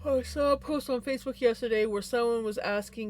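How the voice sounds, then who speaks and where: A streamer, chatting casually with viewers on a live stream from home in a relaxed, unhurried way, with sighs and yawns. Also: mid-range voice, slight background noise. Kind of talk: casual livestream chat.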